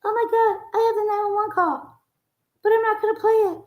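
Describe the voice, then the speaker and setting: A woman mimicking a giggly, gloating gossip who teases about a secret, with a high, squealing, singsong giggle. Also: fairly even intonation, fairly quick, a little mellow. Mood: mocking. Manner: mocking, singsong. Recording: roomy echo.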